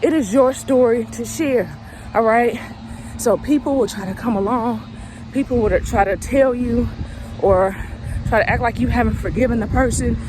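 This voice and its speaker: A woman's voice: fairly high pitch, normal speed, noisy background. A woman coach, a little out of breath, giving an emphatic, preachy motivational talk that repeats its points. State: slightly out of breath. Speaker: recovery coach. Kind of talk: motivational direct-to-camera talk.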